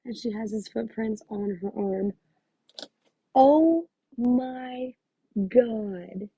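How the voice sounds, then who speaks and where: A woman's voice: a little high, drawn-out words, husky, no echo, highs cut off. A woman working as a psychic medium, talking through a live reading in a gushing, exclamatory way and thinking aloud with many fillers.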